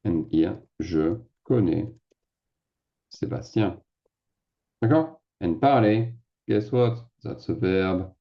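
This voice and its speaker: A man's voice: low-pitched, lively intonation, slow pace, lo-fi sound. A man with a French accent, a native French speaker, explaining grammar as a teacher in a casual classroom way, often checking in with "d'accord?". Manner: sprinkles French fillers, asks "d'accord?" often.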